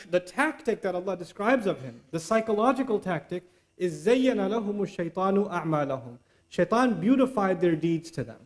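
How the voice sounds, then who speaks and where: A man giving an animated religious lecture, slipping Quranic Arabic recitation into his English talk. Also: sits high. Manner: animated, acts out inner voices and temptations. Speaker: Islamic preacher.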